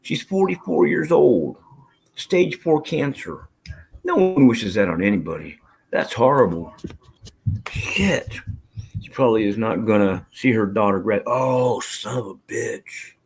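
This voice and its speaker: Husky man, casual live stream host, rambling, swears a lot, mid-pitched voice. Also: expressive, a little slow. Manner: rambling, profane, reads chat aloud.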